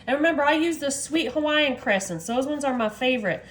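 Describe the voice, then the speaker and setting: Woman, high voice, excitable, casual cooking demo, faint clinking dishes. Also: fast, hardly any pauses, slight background noise. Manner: excitable, talks to viewers as "y'all". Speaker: home cooking vlogger.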